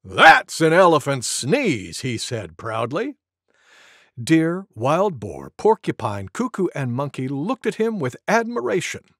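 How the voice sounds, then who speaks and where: A man voicing a friendly male goose who reads a picture book aloud to toddlers, expressive and sing-song with lots of sound effects. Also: on the high side, a little slow, dry recording, studio quality, heavily acted. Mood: cheerful. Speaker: children's storyteller.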